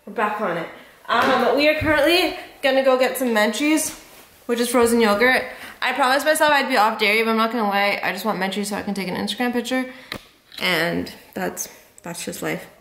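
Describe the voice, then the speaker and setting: High-voiced chatty young woman vlogging. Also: fairly bright tone. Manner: chatty storyteller, drawn-out words, laughs mid-sentence. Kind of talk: casual vlog chat. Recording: echoey room.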